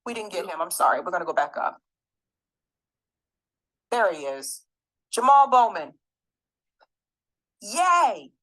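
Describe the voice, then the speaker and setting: A woman's voice: medium pitch, big pitch swings, takes it slowly, pauses often, a bit bright. A woman giving an angry, emphatic political commentary, swearing and repeating her points.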